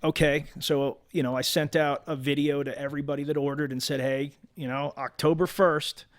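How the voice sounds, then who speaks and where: A man's voice: a little high, fairly even intonation, a little fast. A man appearing as a guest entrepreneur on a casual podcast, giving an earnest, detailed account of business troubles. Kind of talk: casual chat.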